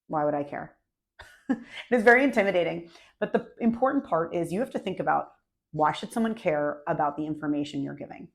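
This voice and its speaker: A woman's voice: fairly low pitch, fairly quick, gravelly. A married woman giving marketing and speaking tips straight to camera, upbeat and conversational in short punchy phrases. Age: adult, married. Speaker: marketing coach. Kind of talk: direct-to-camera tips video.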